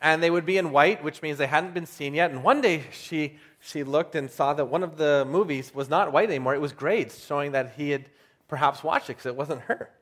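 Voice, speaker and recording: Male pastor, slightly high voice, chatty storytelling sermon, leans on key phrases slowly. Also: a bit bright. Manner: storytelling, slows down to stress key words; conversational with filler restarts.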